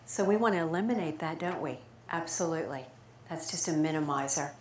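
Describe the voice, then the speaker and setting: A woman voice coach answering audience questions at a talk, lively and playful as she demonstrates speech patterns. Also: on the low side, brisk. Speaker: speaker and voice coach. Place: event room with audience. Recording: echoey room, faint noise.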